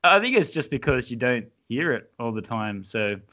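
An Australian man hosts a relaxed podcast chat, talking freely with frequent laughs and lots of "you know"s and "um"s. His voice sits at a mid pitch for a man. The recording sounds a little dull and lo-fi. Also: moderate pace. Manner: chatty, laughs often, many fillers and restarts. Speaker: podcast host. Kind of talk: casual interview chat.

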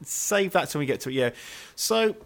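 Animated, laughing man. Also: a little high, normal speed. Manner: animated, laughs often, stammers and repeats words. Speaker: podcast co-host. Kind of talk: casual film review chat.

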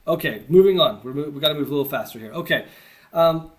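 An American man teaching about evangelism speaks quickly in a fairly high voice. His talk is conversational and earnest, sprinkled with self-deprecating remarks.

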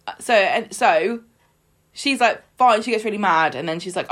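A woman's voice: medium pitch, expressive, moderate pace, fairly bright tone. Brief: woman, podcast co-host, casual recap with acted-out quotes. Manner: chatty, acts out characters' lines, laughs often. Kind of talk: casual chat recapping a soap.

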